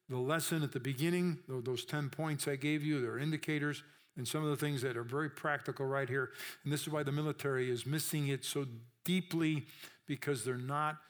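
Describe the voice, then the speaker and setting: A man preaching a sermon in a conversational way, often checking in with his listeners and acting out the voices he quotes. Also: a little high.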